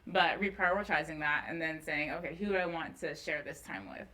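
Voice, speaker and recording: A woman's voice: low voice, fairly even intonation, fairly quick, pushed and bright, low-quality recording. A young woman in her twenties, a news anchor guest, telling personal stories in an earnest, emotional way during a casual chat.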